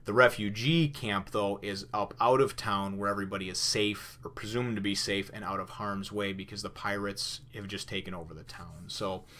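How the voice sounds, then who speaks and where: A man's voice: fairly low pitch, steady tone, moderate pace, hardly any pauses, bright, forceful tone. A man casually recapping a comic chapter and commenting on it, rambling with frequent fillers and restarts, and sometimes acting out characters' lines. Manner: rambling, lots of "you know" and restarts; loosely acts out characters' lines. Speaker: manga reviewer.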